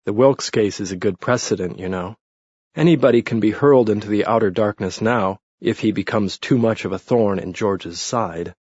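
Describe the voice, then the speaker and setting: A man's voice: on the low side, moderate pace, darkish tone, breathy edge, dry recording. A man voicing a bitter, witty redheaded Englishman who talks dryly and mournfully. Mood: sardonic. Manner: dry, mournful, sardonic. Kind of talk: audiobook character reading. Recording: muffled lo-fi recording.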